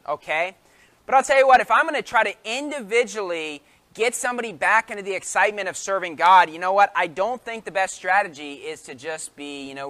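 A man's voice: sits high, sharp tone. A man preaching a sermon in an emphatic way, full of rhetorical questions.

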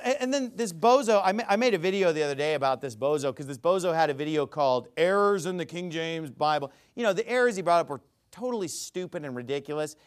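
A man giving a ranting commentary, emphatic and sarcastic, who often stammers and restarts his sentences. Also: sits high. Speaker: religious commentator.

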